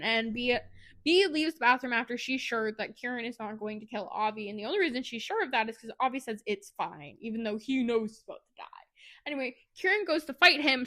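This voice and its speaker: A woman co-hosting a podcast, retelling a book plot in casual, animated chat with laughs and asides. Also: high voice. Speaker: podcast co-host.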